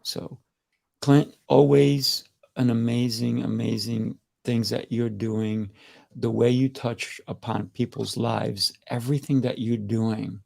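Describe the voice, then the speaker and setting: A man hosts a video call panel with effusive praise, stumbling over repeated words. His voice is strongly gravelly. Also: medium pitch, little pitch movement, slow, a little mellow. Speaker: host. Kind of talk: panel show hosting.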